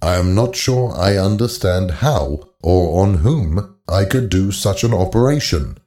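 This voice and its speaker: A man's voice: sits low, animated, unhurried, warm tone. A man voicing a polite, deferential robot surgeon in a read-aloud story. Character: respectful male robot surgeon, formal.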